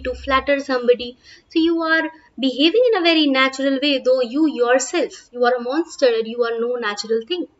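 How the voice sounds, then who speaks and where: A high female voice with an Indian English accent comes through with the highs cut off. As a teacher, she reads play lines out loud and then restates each plainly, filling the gaps with "uh" and "okay."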